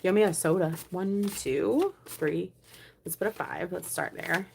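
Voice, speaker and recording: A young woman vlogging a savings challenge, chatting casually and counting money aloud, often dropping to a soft murmur. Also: fairly low pitch, measured pace, creaky, a little hiss or hum. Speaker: budgeting vlogger.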